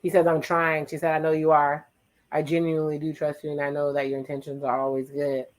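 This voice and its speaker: Over poor audio, a medium-pitched watch-along host chats playfully through a reality dating show, recapping each person's lines in quick asides and teasing them. The casual commentary stays loose, swinging from flat retellings to sudden louder jokes.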